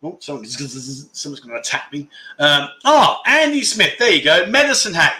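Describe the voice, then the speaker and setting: A man's voice: fairly high pitch, animated, normal speed, sharp tone. A man in his fifties hosting a casual livestream, chatting and reading out viewer comments between rambling anecdotes. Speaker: livestream host.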